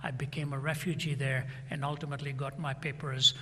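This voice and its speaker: A man's voice: mid-range voice, flat delivery, fairly quick, pushed and bright, husky. A middle-aged man preaching a sermon, retelling a story and acting out both sides of a conversation. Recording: long hall reverb.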